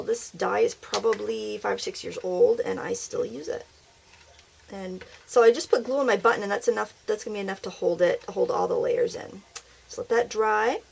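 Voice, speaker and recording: A woman's voice: on the high side, vocal fry. A woman hosting a casual craft tutorial at her craft table, chatty, upbeat and self-deprecating. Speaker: craft video host.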